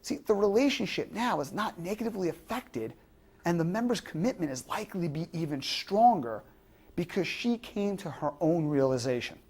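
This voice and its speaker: A woman's voice: fairly low pitch, lively intonation, moderate pace, darkish tone, slightly rough. A woman giving an instructional lecture to fitness trainers, explaining through examples and rhetorical questions.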